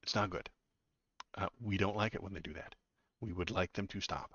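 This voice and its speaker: A man giving live political commentary on his stream, sardonic and halting, with many fillers and repeated words. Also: low voice, fairly bright tone, lo-fi sound, slight background noise.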